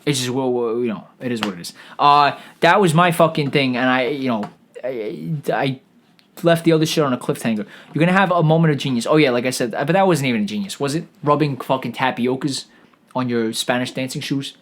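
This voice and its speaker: A man's voice: mid-range voice, a little fast, fairly bright tone. A man hosting a comedy podcast, delivering a sarcastic, profane rant that rambles along with frequent stammered restarts.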